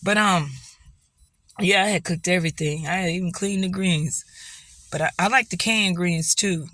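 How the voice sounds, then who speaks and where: A woman's voice: fairly low pitch, moderate pace, fairly bright tone, no echo. A middle-aged woman telling a rambling story to her viewers, laughing often and encouraging them. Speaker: vlogger. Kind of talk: casual storytelling monologue.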